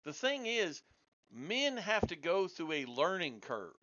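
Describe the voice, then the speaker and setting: A man's voice: sits high, very animated, unhurried, pushed and bright. A man in a heated casual debate, blunt and combative, talking over the others. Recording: dull lo-fi audio.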